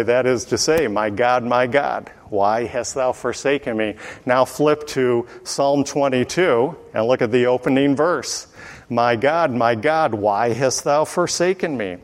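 A man giving verse-by-verse Bible teaching in an unhurried way, often pausing with fillers and clearing his throat. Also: medium pitch, long reverb tail.

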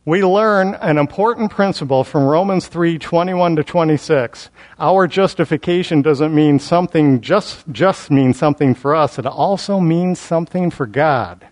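A man preaching an expository Bible sermon, building emphasis through repetition and slowing down on key words. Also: a little high, a little mellow.

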